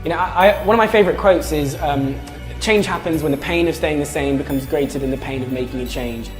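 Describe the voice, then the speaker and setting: A woman speaking calmly and frankly about change. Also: deep voice, fast talker, big-room sound, faint music behind. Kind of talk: reflective talk.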